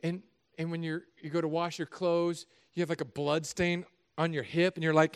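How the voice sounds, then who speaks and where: A middle-aged man, a pastor, preaching a sermon in an animated, conversational, joking way. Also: fairly high pitch, moderate pace, hardly any pauses, clean tone.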